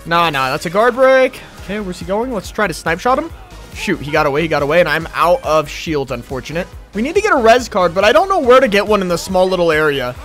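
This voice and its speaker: A man commentating his own gameplay while sick and losing his voice, excitable and hoarse, repeating short calls as he plays. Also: high-pitched, soft background music. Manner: excitable, quick reactions, repeats short phrases. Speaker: gaming YouTuber.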